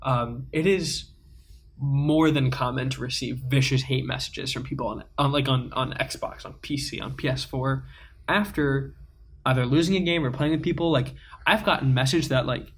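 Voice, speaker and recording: A man's voice: medium pitch, fairly even intonation, moderate pace, slightly rough. A teenage man co-hosting a podcast, telling a story in a rambling way with many fillers. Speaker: podcast co-host. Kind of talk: casual storytelling chat.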